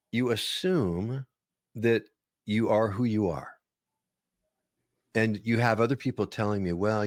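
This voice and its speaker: A man's voice: on the low side, no echo, studio quality. A man who grew up in northern Minnesota, telling stories in a casual interview and slipping into playful voices now and then. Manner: animated storyteller, slips into playful impressions. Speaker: guest, voice-over artist and author.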